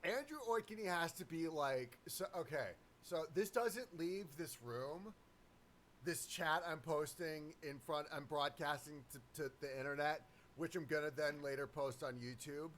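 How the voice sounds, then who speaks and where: A man's voice: on the high side, unhurried, a bit bright, a little hiss or hum. A man hosting a stream, chatting casually and crudely, joking with a co-host. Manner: crude, joking, breaks into silly voices.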